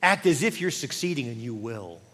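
A man's voice: mid-range voice, very animated, moderate pace, a bit bright, long reverb tail. A man preaching a sermon as pastor, earnest and repetitive, leading the congregation in spoken prayer at a church service. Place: church service streamed to several campuses.

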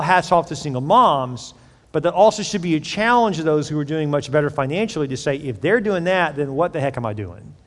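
A middle-aged male pastor preaching a sermon in a conversational, animated way, acting out little scenes as he goes. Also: on the high side. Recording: long hall reverb.

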